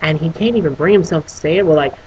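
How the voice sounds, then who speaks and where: Speaking fast in a mid-range voice, this casual video film reviewer delivers an animated, heavily profane rant full of restarts, occasionally voicing characters. The recording is muffled with slight background noise.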